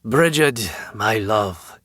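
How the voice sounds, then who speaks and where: A man voicing a huge, easygoing vampire husband in an audiobook, with casual, deadpan quips. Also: fairly low pitch, extremely slow, dry recording, studio quality, heavily acted.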